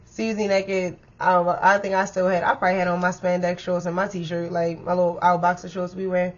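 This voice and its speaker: A woman telling a story to her viewers in a casual, animated way, with lots of swearing. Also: fairly low pitch, fairly quick. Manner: animated, profane, talks straight to viewers. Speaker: storytime vlogger. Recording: dull lo-fi sound.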